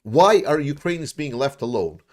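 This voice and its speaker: A man's voice: a little high, expressive, normal speed. A man giving casual commentary and answering viewer questions, speaking bluntly with many restarts, fillers and some swearing. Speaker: YouTube war commentator.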